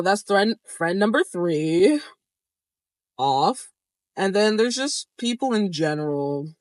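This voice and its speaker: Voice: mid-range voice, dry recording. A young adult vlogger telling a story in a casual, candid way, swearing freely and laughing now and then.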